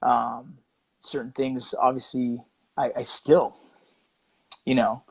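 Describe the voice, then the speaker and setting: A man's voice: medium pitch, flat delivery, takes it slowly, vocal fry, slightly rough, no echo, rough recording. A middle-aged man talking casually as a guest, laid-back and profane, leaning on "you know" and "right" and acting out quotes. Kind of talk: casual interview chat.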